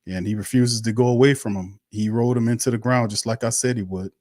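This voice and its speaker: A man's voice: medium pitch, fairly even intonation, brisk, darkish tone, no echo, studio quality. A man hosting a live sports stream, ranting bluntly and profanely, repeating himself in heated bursts. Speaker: sports show host.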